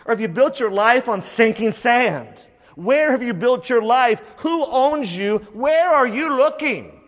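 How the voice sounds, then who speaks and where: A man's voice: very high-pitched, animated, unhurried, in a large hall. A man preaching a sermon, emphatic and full of rhetorical questions, repeating phrases for stress.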